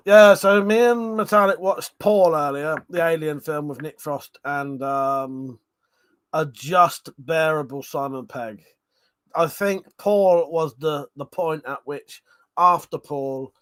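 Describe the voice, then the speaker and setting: A man's voice: on the high side, slow, a bit bright, smooth. Crude, laughing man streaming. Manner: crude, swears a lot, laughs often. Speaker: livestream host. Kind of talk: casual chat with live chat.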